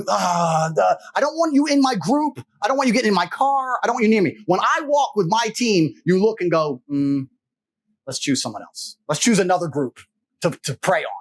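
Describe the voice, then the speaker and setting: A man talking casually as a podcast guest, brash and profane, boasting and laughing between sentences. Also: high-pitched. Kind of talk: casual storytelling chat.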